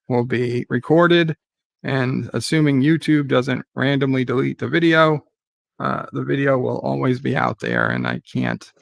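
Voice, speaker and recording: A man with a gravelly, creaky voice hosts a casual live stream. He reads viewer comments aloud and wanders off into long stories, full of ums, uhs and false starts. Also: mid-range voice, fairly bright tone. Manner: rambling, many fillers and restarts. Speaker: livestream host.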